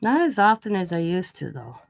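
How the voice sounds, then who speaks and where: A woman hosting a craft channel, casually telling a rambling family story full of asides and lively retold dialogue. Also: lowish voice, fairly quick, vocal fry, no echo. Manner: rambling, chatty, full of "you know" asides; animated when retelling quoted dialogue.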